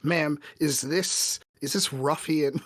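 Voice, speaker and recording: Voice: medium pitch, takes it slowly, no room sound, studio quality, pitched above the performer's own voice. A player voicing a polite, formal adventurer in a tabletop game, with a slight stutter. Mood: gallant. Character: gallant, overly polite adventurer.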